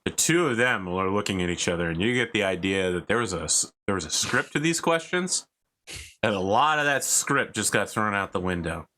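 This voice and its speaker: A man with a deep, bright, forceful voice running a tabletop game. His narration is relaxed and joking. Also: a little fast. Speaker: game master.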